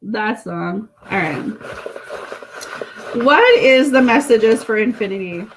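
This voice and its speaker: Chatty tarot lady doing a live reading, kinda high voice, reading card messages and talking to her viewers. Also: animated, takes it slowly, slight background noise. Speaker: tarot reader.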